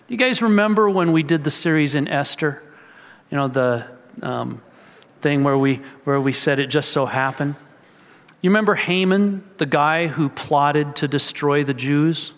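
High-voiced male pastor preaching in a hall. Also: fairly bright tone. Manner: expository, voices characters' thoughts with rising emphasis. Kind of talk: sermon. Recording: reverberant hall.

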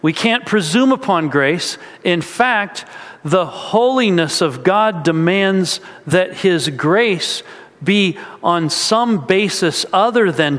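A man's voice: sits high, fairly bright tone. A man preaching a sermon, earnest and storytelling, with casual asides to the congregation. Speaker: pastor. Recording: echoey hall.

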